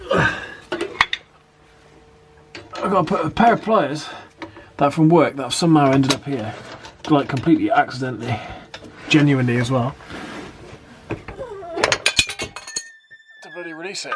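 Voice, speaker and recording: With a voice a little on the high side, he talks at a measured pace with long pauses, giving casual commentary in British English as he fits out the van in a workshop, under and inside it. Free swearing and dry jabs at himself mark his talk, over noisy, clicky audio.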